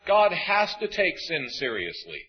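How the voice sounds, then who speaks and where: A man preaching a sermon to a congregation in an auditorium, animated and acting out voices of the people in his stories. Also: fairly high pitch, unhurried, breathy edge, muffled recording, faint music behind.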